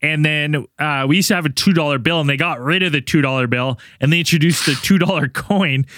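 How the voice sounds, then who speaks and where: A man's voice: a little high, fairly quick, noisy background. A Canadian man hosting a podcast, telling stories in a crude, joking way. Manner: crude, joking, animated storyteller. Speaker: podcast host. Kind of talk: casual chat, storytelling.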